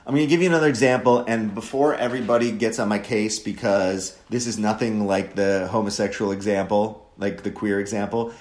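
A man's voice: on the low side, fairly even intonation, a little fast, hardly any pauses, a little mellow. A man from Wisconsin giving a sardonic, opinionated monologue as a commentator, mocking and mimicking voices to make his point. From Wisconsin, USA. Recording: roomy echo.

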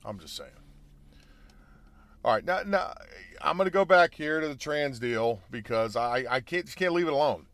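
A man hosting a commentary show, ranting in a heated, mocking way with stumbles, restarts and loud emphatic bursts. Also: mid-range voice, sing-song, normal speed, long pauses, no echo.

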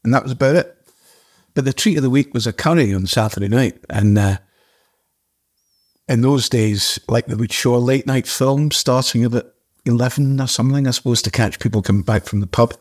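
Husky older man telling a story. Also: mid-range voice. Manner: halting, restarts, swears casually. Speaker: actor guest. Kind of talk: casual storytelling.

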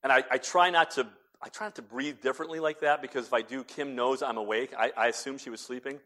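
Here a middle-aged pastor preaches quickly in a steady, medium-pitched voice. His sermon alternates between quiet, almost whispered moments and loud, emphatic statements.

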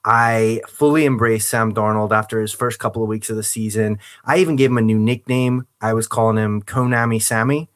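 A man's voice: lowish voice, fairly even intonation, a little fast, hardly any pauses, a bit bright. A man from the States with a partly Northern Irish accent, hosting a casual podcast with a chatty, joking manner and frequent laughs. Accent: American with a Northern Irish twang. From United States. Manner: chatty, laughs often, playful mock outrage. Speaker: podcast host.

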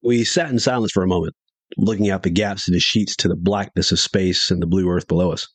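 A man's voice: deep voice, steady tone, fairly quick, breathy edge, dry recording. A middle-aged man hosting a podcast, telling a story in a folksy, rambling way.

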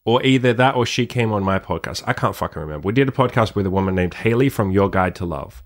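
A man's voice: lowish voice, lively intonation, quick pace. A young man hosting a podcast, talking in a brash, profane, joking way in casual chat. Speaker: podcast host.

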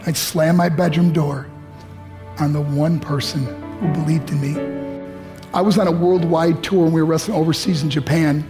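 Male motivational speaker from New York, fairly high voice, earnest storyteller, faint music underneath. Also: fairly even intonation, normal speed, darkish tone. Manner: earnest storytelling with vivid acted-out dialogue. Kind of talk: motivational talk to high school students.

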